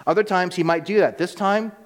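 A man's voice: high voice, fairly even intonation, brisk, in a large hall. A man preaching a sermon in a conversational way, sometimes acting out the voices of people in the story. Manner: conversational, acts out voices of biblical figures.

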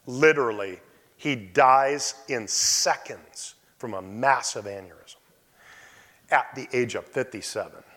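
A male pastor preaching a sermon, expressive, often dropping to quiet asides. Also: mid-range voice, a little slow. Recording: long hall reverb.

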